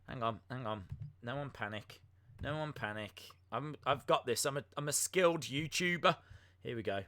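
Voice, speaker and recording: On his wrestling podcast live stream, this host keeps things chatty and self-mocking, leaning on plenty of ums and uhs. He speaks at normal speed in a mid-range voice with a sharp tone, and there's no echo.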